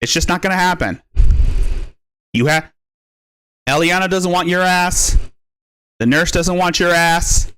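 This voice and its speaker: A man's voice: on the high side, fairly bright tone, clean tone. A man hosting a live stream, ranting in a profane, taunting way and repeating his jabs. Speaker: stream host. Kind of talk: mocking live stream rant.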